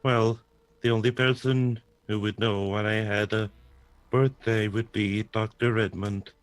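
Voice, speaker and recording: A man voicing an earnest android crewman in a tabletop role-play, measured, soft-spoken and literal. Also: fairly low pitch, fairly even intonation, dry recording, natural voice. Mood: calm.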